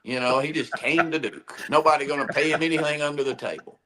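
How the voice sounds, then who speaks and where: A man's voice: on the high side, fast, very noisy. A man co-hosting a casual sports talk show, blunt and exasperated, often restarting his sentences.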